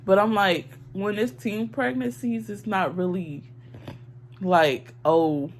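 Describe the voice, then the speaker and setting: A woman's voice: medium pitch, expressive, slow pace, a little hiss or hum. Young woman vlogger, casual earnest opinion talk, emotional, filler-heavy.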